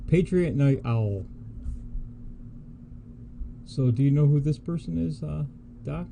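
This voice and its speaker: A man's voice: fairly high pitch, takes it slowly, gravelly, mellow, a little hiss or hum. A man co-hosting a political livestream, talking in a casual, indignant and scornful way. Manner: indignant, scornful, laughs easily.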